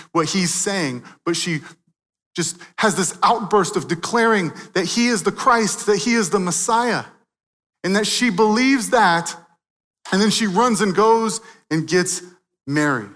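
A man preaching a sermon, swinging from loud, emphatic peaks to quiet, hushed moments. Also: high-pitched, expressive, unhurried, in a large hall. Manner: dynamic preaching, swelling loud then dropping soft.

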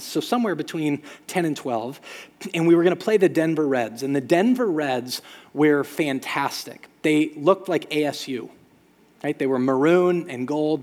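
Animated man preaching in a reverberant hall. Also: on the high side. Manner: storytelling, animated with sound effects. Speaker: pastor. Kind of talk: sermon.

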